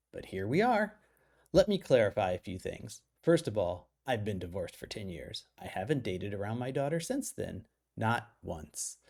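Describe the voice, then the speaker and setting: Playful man with a gravelly voice. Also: fairly low pitch, a little mellow. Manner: playful, self-mocking, jumps to side remarks. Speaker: writer reading his own article. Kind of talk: humorous reading with casual asides.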